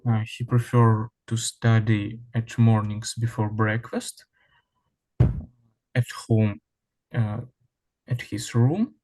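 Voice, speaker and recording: Very slow, halting male student. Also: on the low side, a little mellow, poor audio. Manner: halting, hesitant non-native English. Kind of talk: answering in class. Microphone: video call.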